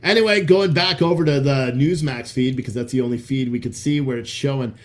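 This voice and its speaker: A man's voice: medium pitch, a little fast. A man hosting a live stream, chatting casually with viewers in a loose, profane, hyped-up way. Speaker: livestream host selling coffee.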